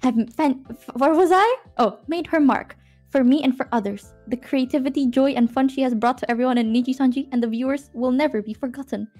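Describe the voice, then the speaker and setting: A young woman from Southeast Asia talks over a stream call in a slightly high voice. She is playful and teasing, and also reads a heartfelt letter aloud. Faint music sits underneath her voice. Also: brisk, a little mellow. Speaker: guest streamer. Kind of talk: casual chat on a stream call.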